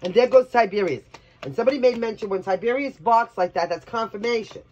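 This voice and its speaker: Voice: medium pitch, expressive, fast, darkish tone, highs cut off, a little hiss or hum. A tarot reader from Brooklyn giving a casual reading, blunt and chatty, swearing freely. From New York, Brooklyn.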